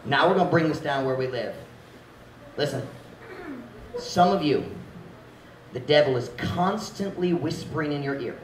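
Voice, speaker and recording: A man preaching in a church hall, his slightly high voice carrying through a roomy, echoing space. He sounds a little distant from the mic, with faint room noise underneath. He swings from shouted exhortation to quiet earnestness, dropping in Visayan phrases. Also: animated, normal speed, long pauses. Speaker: pastor. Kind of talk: sermon.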